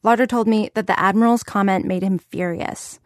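A woman hosting and reporting, narrating a scripted story in a clear, conversational way. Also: medium pitch, fairly even intonation, a little fast, no echo. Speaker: host and reporter. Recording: dry studio sound.

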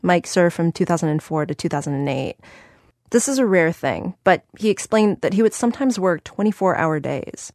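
A woman hosting and reporting, narrating a scripted story in a clear, conversational way. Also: lowish voice, lively intonation, moderate pace, darkish tone, dry recording. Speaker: host and reporter. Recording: dry studio sound.

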